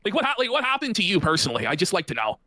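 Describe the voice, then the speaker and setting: A man's voice: high voice, huge pitch swings, very fast, pushed and bright, no room sound. A man co-hosting a casual reaction chat, mocking and laughing often. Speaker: stream co-host.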